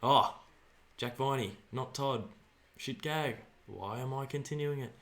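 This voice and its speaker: A young Australian man hosting a livestream, giving excitable watch-along commentary on a football match and chatting with viewers. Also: mid-range voice, measured pace. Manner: excitable, shouts at play, banters with chat. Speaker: livestream host.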